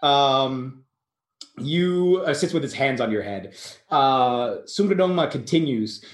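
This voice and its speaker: A man at a middle pitch runs a tabletop game, describing the action in a rambling, self-correcting way. His voice carries a roomy echo. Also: animated, slow pace. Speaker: game master.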